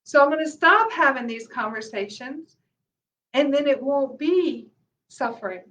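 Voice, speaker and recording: Earnest high-voiced woman teaching. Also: lively intonation, measured pace, slight background noise. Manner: earnest, repeats key phrases for emphasis, often drops to a soft low voice. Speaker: meditation teacher. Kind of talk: casual mindfulness teaching talk. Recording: voice a little far from the mic.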